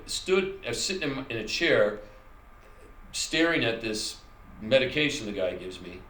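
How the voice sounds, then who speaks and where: A man's voice: medium pitch, a bit bright, slight background noise. A middle-aged man hosting his channel, telling a personal story in a rambling, conversational way and correcting himself as he goes. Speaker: channel host. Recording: echoey room recording with faint ambience.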